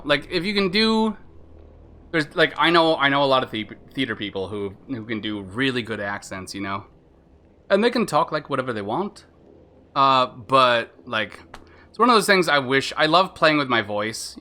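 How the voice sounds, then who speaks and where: A man gaming on stream, talking in a loose, rambling way and often restarting his sentences. His voice is bright and forward, at a middle pitch for a man. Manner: rambling, chatty, lots of fillers and self-interruptions. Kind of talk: casual live-stream commentary.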